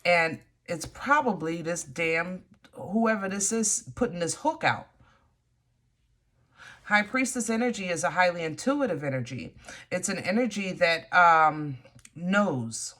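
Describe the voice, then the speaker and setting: Blunt, animated woman reading tarot. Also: lowish voice, a little slow. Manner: animated, blunt, swears in frustration, addresses viewer directly. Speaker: tarot reader.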